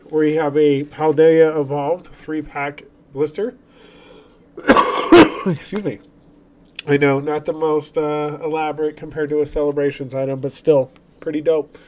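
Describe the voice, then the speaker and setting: Sick, coughing male streamer. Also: fairly high pitch. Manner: upbeat, chatty announcer of giveaways. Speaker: streamer host. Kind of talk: casual livestream chat.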